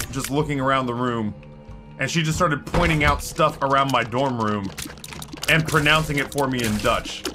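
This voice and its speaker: An American man streaming, chatting casually with his viewers in a rambling way, often stopping and restarting his sentences. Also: mid-range voice. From United States. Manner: rambling, self-interrupting with many restarts.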